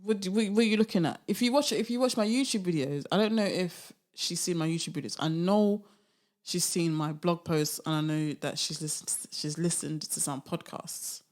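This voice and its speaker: A woman's voice: lowish voice, moderate pace, darkish tone. A young woman hosting her own podcast, talking casually and animatedly, often laughing and asking rhetorical questions. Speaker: podcast host. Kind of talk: casual solo podcast monologue.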